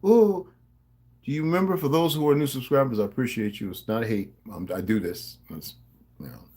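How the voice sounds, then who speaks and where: A man's voice: medium pitch, fast talker, a little mellow, slightly rough. A middle-aged man with a New Jersey accent, talking to his subscribers in a rambling, profane, confrontational monologue. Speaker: vlogger.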